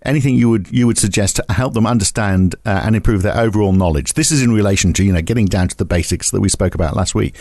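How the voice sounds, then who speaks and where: A man's voice: on the low side, quick pace, few pauses, darkish tone, dry recording, clean studio sound. A man hosting a podcast, chatting casually and joking, sometimes reciting comic verse from memory. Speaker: podcast host.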